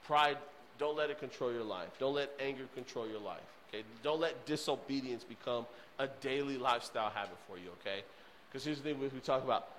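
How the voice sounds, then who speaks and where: A man preaching a sermon with emphatic repetition, often checking in with the audience, swinging between loud bursts and hushed pleading. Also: mid-range voice, slight background noise, poor audio. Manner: emphatic and repetitive, addresses the crowd with "okay?".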